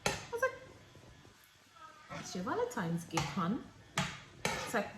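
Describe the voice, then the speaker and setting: A woman's voice: on the high side, takes it slowly, roomy sound, very noisy. A young woman, a vlogger telling a dramatic story while she cooks in her kitchen. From England. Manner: animated, dramatic storytelling that acts out both sides. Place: home kitchen.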